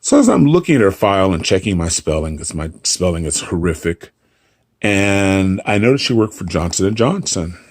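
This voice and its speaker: A man's voice: low voice, big pitch swings, moderate pace, no room sound. A middle-aged man, a hotel front desk clerk, casually telling a story and acting out the dialogue with dry humor.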